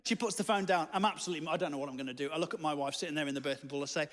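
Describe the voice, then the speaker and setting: Comedian telling a story, high bright voice, echoey church hall. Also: male voice, racing, hardly any pauses. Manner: animated, self-mocking, jumps to high panicky voice when acting himself out. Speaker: stand-up comedian. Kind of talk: stand-up storytelling. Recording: live hall with long reverb.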